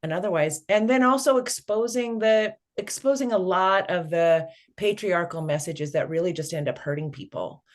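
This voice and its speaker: A woman's voice: lowish voice, normal speed, hardly any pauses. A middle-aged woman, a guest on an interview podcast, telling a family story and acting out the dialogue.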